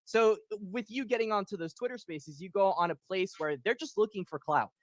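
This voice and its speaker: A man's voice: sits high, a little fast, no echo, clean studio sound. A man who runs a crypto channel, guesting on a livestream call and speaking emphatically in a rambling, supportive way. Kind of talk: casual livestream talk.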